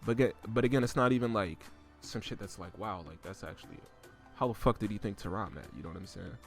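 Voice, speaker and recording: A man casually ranting on his own channel, swearing freely and using slang, his voice climbing higher and louder as he gets worked up. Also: fast, vocal fry, faint music behind. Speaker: host reviewing rap lyrics. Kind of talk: casual rant.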